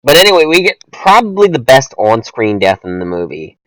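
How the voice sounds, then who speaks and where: A man's voice: mid-range voice, very animated, a little fast, a bit bright, no echo, poor audio. A young man co-hosting a casual movie review chat, rambling with many fillers and restarts. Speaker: podcast co-host.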